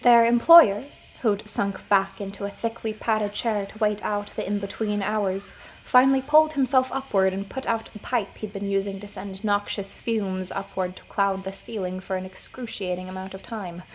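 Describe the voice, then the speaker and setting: A woman narrating her own scripted audio fiction story in a measured storytelling manner. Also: medium pitch, a little hiss or hum, poor audio. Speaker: writer and narrator.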